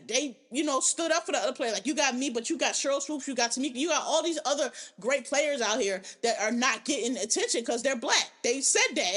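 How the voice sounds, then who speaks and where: High-voiced woman ranting on a podcast. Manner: animated, profane, ranting. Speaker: podcast host. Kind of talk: casual opinionated commentary.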